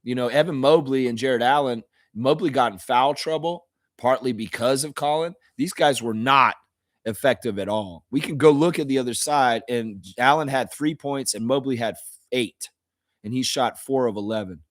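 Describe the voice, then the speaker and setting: A man hosting a live fan reaction stream, hoarse and tired from shouting at a game, talking in an emotional, excitable, rambling way. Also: mid-range voice, moderate pace, no echo, clean studio sound. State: hoarse, voice worn out. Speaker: fan channel host.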